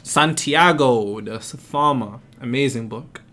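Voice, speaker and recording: A man's voice: mid-range voice, measured pace, sharp tone. A male host answers viewer questions on a live stream. He talks in an emphatic, explaining way and keeps posing rhetorical questions.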